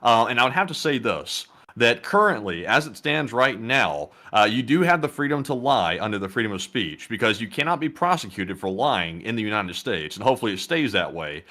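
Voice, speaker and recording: A man hosts a casual commentary stream and walks through his reasoning at length. His tone stays steady and opinionated, the voice of a host taking a firm stance for his audience. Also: on the low side, fairly quick, hardly any pauses.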